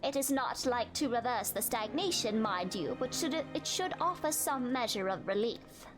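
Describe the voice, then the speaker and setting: A woman voicing a grave, scholarly woman researcher of the soul, speaking in measured, formal, old-fashioned phrasing over game music. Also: on the high side, lively intonation, natural voice. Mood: solemn. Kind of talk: reading game dialogue aloud.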